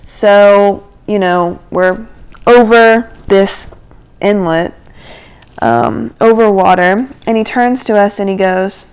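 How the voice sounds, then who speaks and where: A woman's voice: medium pitch, slow pace, smooth, rough recording. Chatty young woman telling a story. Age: 20s. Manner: chatty, animated, heavy use of "like". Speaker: podcast host. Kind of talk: casual storytelling.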